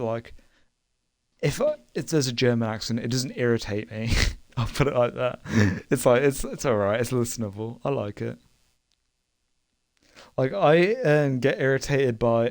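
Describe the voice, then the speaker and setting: A man's voice: medium pitch, gravelly, a little mellow, dry recording. A young man with a British accent chatting casually while streaming a game, rambling and hesitant with many fillers and short laughs. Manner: laughs between remarks. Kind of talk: casual chat while gaming.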